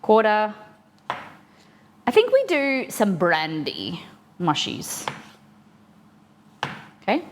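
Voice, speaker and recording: A woman hosts a casual live cooking stream from her home kitchen, chatting playfully and laughing at herself while something fries and sizzles in a pan. Her mid-range voice swings hugely in pitch, she draws out words and pauses often, and there's slight background noise.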